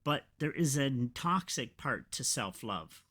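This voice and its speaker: A man hosting a podcast, talking in a rambling, emotional, halting way with many fillers. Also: mid-range voice, very animated, sharp tone. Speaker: podcast host. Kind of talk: casual confessional podcast talk.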